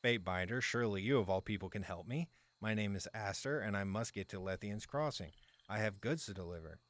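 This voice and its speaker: A man's voice: brisk, fairly bright tone, no room sound, lightly acted. A man voicing an indignant, stubborn male traveling merchant who protests shrilly in a game's dialogue. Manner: shrill, arm-waving protest.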